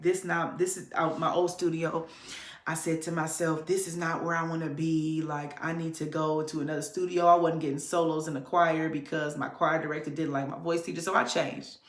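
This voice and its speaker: A woman podcast host, possibly from Detroit, candidly telling a personal story in a conversational way. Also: reverberant. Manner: candid, conversational, with sudden pitch jumps to demonstrate voices.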